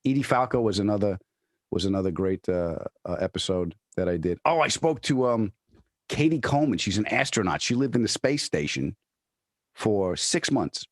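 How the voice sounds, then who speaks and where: A man's voice: fairly low pitch, lively intonation, moderate pace, no room sound, clean studio sound. A man, a comedian from New York, chatting in an interview and telling stories with many restarts. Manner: storytelling, restarts often, acts out quoted voices. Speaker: comedian guest. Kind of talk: casual interview chat.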